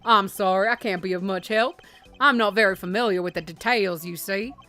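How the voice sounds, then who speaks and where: A woman's voice: medium pitch, brisk, sharp tone, soft background music, natural voice. Woman reading a stately formal male ambassador. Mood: apologetic. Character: formal middle-aged male ambassador, proud of his small nation.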